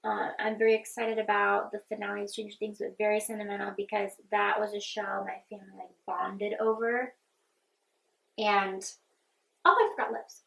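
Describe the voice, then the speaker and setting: A woman's voice: medium pitch, level tone, normal speed, creaky, fairly bright tone, low-quality recording. A young woman vlogger in casual get-ready-with-me chat, talking in a chatty, heartfelt and earnest way.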